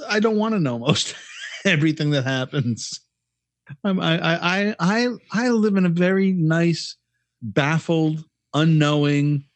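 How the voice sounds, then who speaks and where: A man who is a regular on a podcast, talking in casual comedic chat in a halting, stammering, self-deprecating way. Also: on the high side, dry recording.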